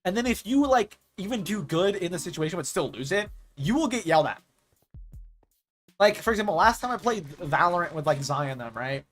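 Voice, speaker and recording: A gaming streamer with a mid-range voice talks fairly quickly over faint background music. He chats casually and rambles through animated stories, leaning heavily on the filler "like."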